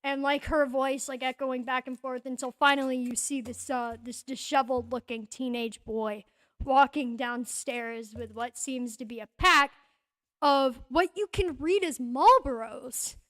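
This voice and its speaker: Woman game master, high voice, giggly, lots of fillers, tabletop narration. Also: unhurried. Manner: excited, giggly, full of fillers.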